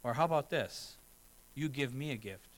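A middle-aged man delivers a sermon from the pulpit. He is earnest but conversational, and he slips into short acted-out asides. His voice sits at an ordinary middle pitch. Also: lively intonation, normal speed, fairly bright tone, low-quality recording. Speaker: pastor.

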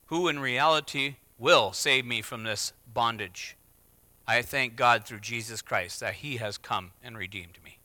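A middle-aged man preaching a sermon, swinging from hushed, intimate phrases to loud, emphatic declarations. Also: medium pitch, a little slow, dry recording. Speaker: pastor.

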